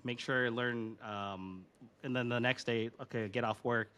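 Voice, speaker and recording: A man's voice: mid-range voice, fairly even intonation, moderate pace, a bit bright, smooth. A man in his thirties hosting a podcast, chatting casually and rambling with many fillers. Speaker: podcast host. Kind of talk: casual chat.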